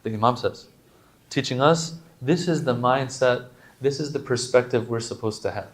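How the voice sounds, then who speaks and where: A male preacher giving a sermon, switching between quick Arabic recitation and relaxed English explanation. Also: medium pitch. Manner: chants Arabic lines rapidly then explains in casual English.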